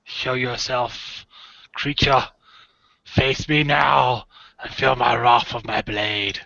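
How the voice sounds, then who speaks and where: Half-orc fighter, voiced by a man, blunt, broken speech, bright tone, dull dry recording. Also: medium pitch, takes it slowly, creaky, no room sound, heavily acted. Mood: defiant. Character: plain-spoken male half-orc warrior.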